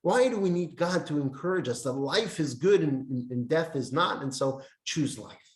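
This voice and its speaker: A man teaching a lesson on Jewish meditation, speaking in short emphatic phrases with pauses and reading from a handout. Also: fairly high pitch, animated. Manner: reads from a text handout. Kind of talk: classroom lesson with storytelling. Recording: roomy echo.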